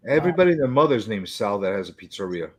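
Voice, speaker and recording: A man's voice: on the low side, very animated, slightly rough. A man from New York in casual chat, talking bluntly and stumbling over his words. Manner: halting, repeats words, blunt opinions. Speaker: podcast co-host.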